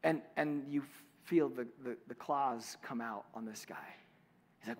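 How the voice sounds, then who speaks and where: A man preaching a sermon in a relaxed, conversational way, full of fillers and restarts. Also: medium pitch, a little slow, big-room sound. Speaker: pastor.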